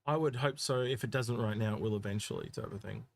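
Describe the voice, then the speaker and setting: Rambling, halting co-host man. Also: mid-range voice, vocal fry. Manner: halting, many restarts and fillers. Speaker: co-host reading chat questions. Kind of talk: casual podcast chat.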